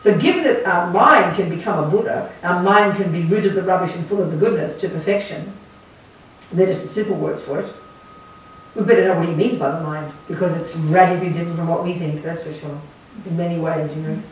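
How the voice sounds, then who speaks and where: Emphatic nun teaching in an echoey hall. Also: female voice, fairly low pitch, a little fast. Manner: blunt, emphatic, sarcastic asides. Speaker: Buddhist nun teaching a retreat. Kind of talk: dharma talk to a retreat group. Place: meditation centre hall. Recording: echoey room from far off, faint hiss.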